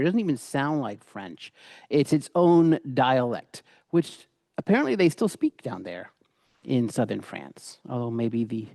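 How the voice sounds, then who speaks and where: A man's voice: mid-range voice, darkish tone, no room sound, clean studio sound. A middle-aged man giving a casual, rambling cooking demonstration, with many fillers and restarts. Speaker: cooking instructor.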